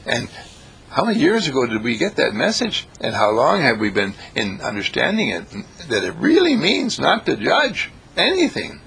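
A man giving a rambling, anecdotal spiritual talk who swings his pitch up and down for emphasis. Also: huge pitch swings, normal speed, vocal fry, a bit bright, slightly rough. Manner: storytelling, swings pitch for emphasis, laughs at himself.

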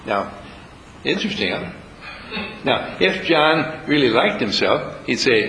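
A man's voice: mid-range voice, big pitch swings, slow pace, long pauses, bright, forceful tone, roomy sound, a little hiss or hum, rough recording. A man leading a spiritual retreat, talking live to a room audience in a playful, teasing way. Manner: playful, teasing, acts out little scenes with voices.

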